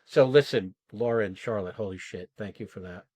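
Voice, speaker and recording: A man coaching actors after an exercise, talking casually and acting out quoted lines in animated bursts, often asking "right?" and swearing now and then. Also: lowish voice, brisk, husky, no echo. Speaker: acting coach and podcast host.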